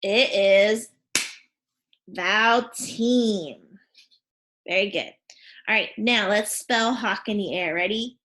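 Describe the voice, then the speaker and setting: The same kind of classroom scene: a woman teaches young children phonics and spelling, questioning and encouraging them deliberately. Her voice is medium in pitch and a bit bright.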